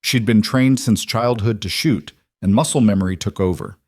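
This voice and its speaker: A man narrating a scripted romance audiobook in a smooth, even storytelling manner. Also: fairly low pitch, moderate pace, no room sound, clean studio sound.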